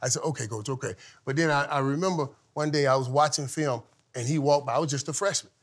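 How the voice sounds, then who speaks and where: A man telling stories as a guest, animated and laughing, swinging from loud outbursts to hushed tones. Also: fairly high pitch, fast. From from Saint Thomas. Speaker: guest, former football player. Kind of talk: casual storytelling.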